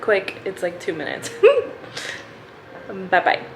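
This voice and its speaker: A woman's voice: on the low side, flat delivery, slow, gravelly, fairly bright tone, slight background noise, rough recording. A young adult woman chatting casually in a reading vlog, gushing and rambling with lots of filler words. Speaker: book vlogger.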